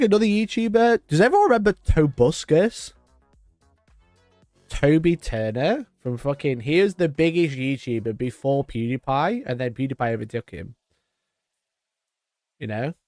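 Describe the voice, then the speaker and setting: A man in his twenties hosts a live stream, chatting casually in a rambling, sweary way and laughing often. His medium-pitched voice is a little mellow, captured in clean studio sound with no echo.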